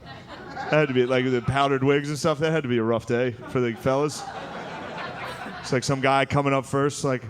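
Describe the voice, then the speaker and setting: A man's voice: medium pitch, fairly even intonation, moderate pace, pauses often. A man doing a stand-up comedy set, laid-back and profane, tossing in "dude" constantly. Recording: live club recording with crowd laughter and noise.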